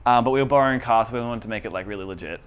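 A man's voice: medium pitch, racing, clean tone, lo-fi sound. Chatty young man. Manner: laughs often while telling stories; chatty, self-deprecating storytelling. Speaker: podcast co-host. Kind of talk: casual chat.

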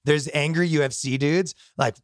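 A man's voice: a little high, steady tone, normal speed, dry recording. Rambling man from Canada, dry sound. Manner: rambling, heavy on filler words. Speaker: podcast host. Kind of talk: casual podcast chat.

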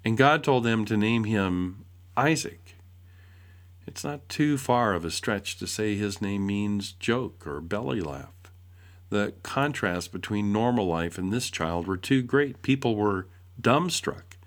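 A man reading a devotional essay aloud in a measured way, posing rhetorical questions. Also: lowish voice, lively intonation. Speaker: essay reader.

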